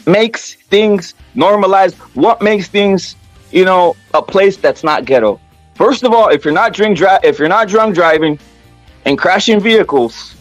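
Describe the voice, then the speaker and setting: A man's voice: high voice, no echo. A man hosting a casual boxing rant, profane, repetitive and heated. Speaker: boxing commentary channel host.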